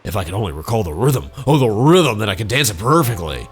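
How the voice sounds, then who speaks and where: A man's voice: lowish voice, big pitch swings, fast talker, faint music behind. A man voicing a flamboyant, vain male dancer while playing a video game. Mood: theatrical. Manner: theatrical and grandiose. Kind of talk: let's play voicing game dialogue.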